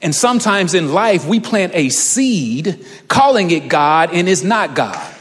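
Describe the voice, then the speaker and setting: A man's voice: sits high, sing-song, unhurried, big-room sound. A man in his thirties preaching a sermon, telling a personal story and building to fervent emphasis. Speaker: pastor.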